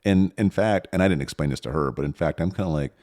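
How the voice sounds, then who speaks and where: A man's voice: low-pitched, quick pace, a little mellow. A middle-aged man co-hosting a parenting podcast, thinking aloud with many restarts. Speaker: podcast co-host. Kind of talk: casual parenting chat.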